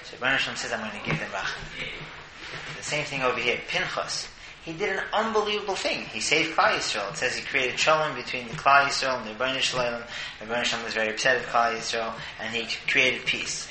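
A man giving a casual Torah talk, animated and stumbling over repeated words, recorded in an echoey room with clear noise. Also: medium pitch, fast. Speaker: Torah teacher.

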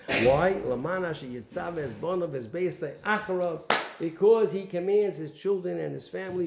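A man giving an animated Torah talk, asking rhetorical questions and telling stories. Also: fairly high pitch, creaky, roomy sound, a little hiss or hum. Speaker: Torah teacher.

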